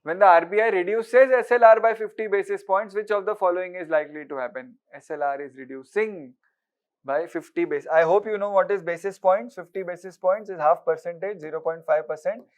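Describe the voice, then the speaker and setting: A man giving an exam-prep lecture, briskly quizzing listeners with repeated rhetorical questions and mixing with Hindi. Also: high-pitched. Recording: dull lo-fi recording.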